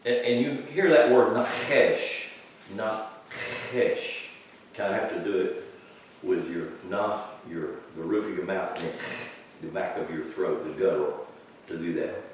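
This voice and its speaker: A man preaching a sermon to a congregation, explaining scripture and building to loud, high-pitched emphasis. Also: moderate pace, slight background noise. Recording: echoey hall, distant from the mic.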